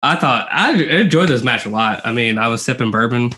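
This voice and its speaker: A man co-hosting a casual podcast, animated and acting out quotes as he talks. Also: mid-range voice, a little fast, husky. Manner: animated, acts out quotes in raised voice. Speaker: podcast co-host. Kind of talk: casual podcast review chat.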